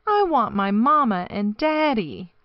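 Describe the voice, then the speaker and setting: A spunky little girl hippo from a storybook, high and giggly and full of excitement, as a woman reads her lines. Her voice swings up and down in a lively way. The recording is dry and a bit dull. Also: unhurried, no echo. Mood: determined.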